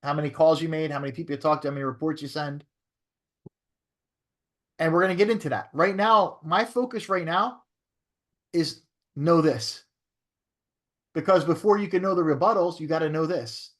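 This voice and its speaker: A man's voice: a little high, moderate pace, long pauses, a bit bright. A man who is a real estate broker teaching a training class in a coaching way, often checking in with "right?".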